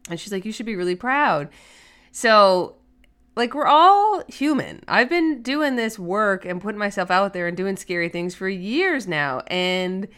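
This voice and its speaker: A woman's voice: medium pitch, big pitch swings, unhurried, fairly bright tone. A woman hosting a solo podcast in a chatty, earnest way, with many fillers. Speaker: podcast host. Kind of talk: casual solo podcast talk.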